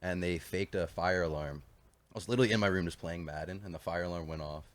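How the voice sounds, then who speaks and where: A man's voice: low-pitched, no room sound. A young man telling stories as a podcast guest, blunt and self-mocking, swearing freely. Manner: rapid, blunt, self-deprecating, swears a lot. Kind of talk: casual storytelling.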